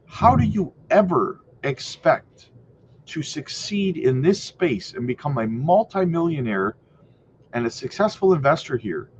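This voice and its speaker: Animated man lecturing viewers, lo-fi sound. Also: fairly high pitch, a little slow, a little hiss or hum. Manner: animated, emphatic, rhetorical, repeats "right?". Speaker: crypto channel host. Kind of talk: casual commentary to camera.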